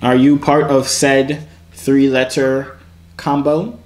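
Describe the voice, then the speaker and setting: A man in his twenties filming a YouTube video, teasing strangers on a video chat with deadpan questions. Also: mid-range voice, slow. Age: 20s.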